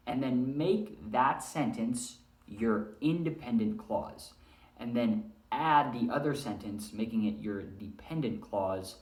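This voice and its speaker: A male teacher giving a recorded language arts lesson, explaining step by step and often checking in with "all right?". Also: mid-range voice. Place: room with a whiteboard. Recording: echoey room.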